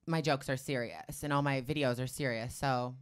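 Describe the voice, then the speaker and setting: Low-voiced chatty woman in her twenties. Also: steady tone, normal speed, clear, resonant tone. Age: 20s. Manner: breezy, chatty, valley-girl phrasing. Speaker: guest co-host, YouTuber. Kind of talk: casual chat.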